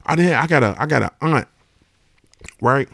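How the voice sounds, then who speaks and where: A man's voice: medium pitch, lively intonation, normal speed, creaky, a bit bright, no echo, studio quality. A man hosting a podcast in a casual, emphatic monologue, swearing freely and often checking that the listener understands. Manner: emphatic, profane, keeps asking "you understand what I'm saying". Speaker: podcast host.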